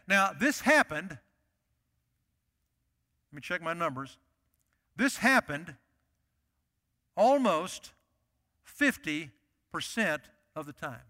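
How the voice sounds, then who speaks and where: Male pastor, sermon delivery, emphatic repetition, high bright tone, reverberant church hall. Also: animated, slow, long pauses. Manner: emphatic, repeats key phrases.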